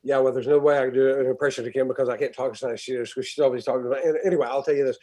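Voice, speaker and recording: A middle-aged man tells stories from a film set. He talks loosely, trips over his starts, and lets his voice drop low at the ends of thoughts. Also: fairly even intonation, very fast, mellow. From Texas. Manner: storytelling, stumbling restarts, drops to a murmur. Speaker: actor guest. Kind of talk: casual interview chat.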